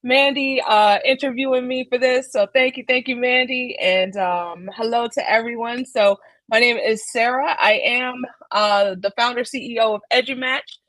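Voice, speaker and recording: A woman's voice: fairly high pitch, fairly even intonation, moderate pace, fairly bright tone, no echo. A woman author being interviewed in a casual video chat, chatty and laughing often, talking from home. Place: home, child nearby.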